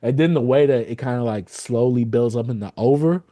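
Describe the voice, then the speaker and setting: A man reviewing an album in a relaxed podcast chat, his voice mellow and low-key. He quotes lines and plays out his own reactions as he goes. The sound is close and dry, with no room around it. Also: fairly quick, no echo. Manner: animated, quotes lyrics and acts out reactions. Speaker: podcast co-host.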